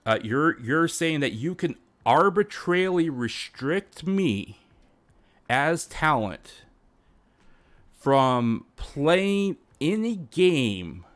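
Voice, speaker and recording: Stammering, animated male streamer. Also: on the high side, drawn-out words. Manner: stammering, repeats words, animated; drops to a whisper for acted bits. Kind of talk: live stream commentary.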